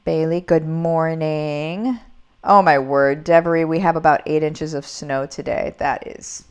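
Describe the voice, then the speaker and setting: A woman, hosting a casual livestream from home and warmly greeting viewers by name. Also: low voice, steady tone, a little slow. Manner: upbeat, greets viewers by name, talks to her dog. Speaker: business coach hosting a livestream. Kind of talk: casual livestream chat reading comments.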